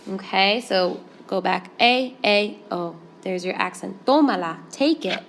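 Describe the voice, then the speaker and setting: A woman gives a classroom Spanish grammar lesson, explaining each rule clearly and patiently with steady, step-by-step pacing. She speaks slowly at a medium pitch, and a faint hiss of noise sits behind her voice.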